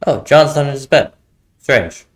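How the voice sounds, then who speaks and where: A man's voice: mid-range voice, animated, measured pace. A man casually commenting while playing a horror game, muttering jokey reactions as he explores. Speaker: gaming video host. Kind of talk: casual let's-play commentary.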